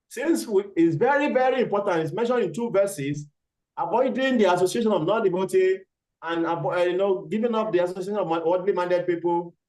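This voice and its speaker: A man's voice: sits high, a little mellow. A man teaching a scripture class, who quizzes his students and repeats key words for emphasis. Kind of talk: class lecture. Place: temple hall. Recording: echoey hall.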